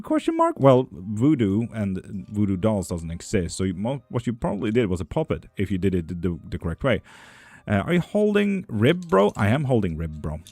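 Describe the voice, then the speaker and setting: A man's voice: fairly low pitch, a little mellow, dry recording. A man reading tarot and bones on a live stream. He reads viewer questions aloud in a lifted voice, then answers them in a dry, teasing way in casual chat.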